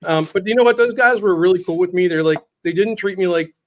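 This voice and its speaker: A man's voice: high voice, fast. A man hosting a talk show, telling stories in a blunt, joking way. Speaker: show host. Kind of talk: casual chat.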